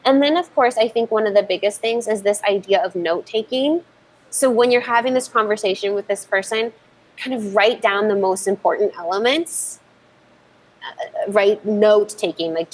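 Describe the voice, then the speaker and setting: A woman's voice: mid-range voice, fairly even intonation, a little fast, rough recording. A woman giving an informal online talk as an English communication coach, chatting loosely and often checking in with "right?". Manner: thinks aloud with frequent fillers and restarts.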